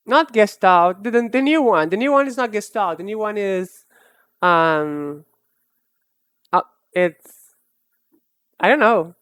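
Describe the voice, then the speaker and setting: A woman's voice: mid-range voice, slow pace, long pauses, a bit bright, clean tone, no room sound. Chatty young woman streaming a game. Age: 20s. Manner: chatty, rambling, stumbling restarts. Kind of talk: casual gameplay livestream chat.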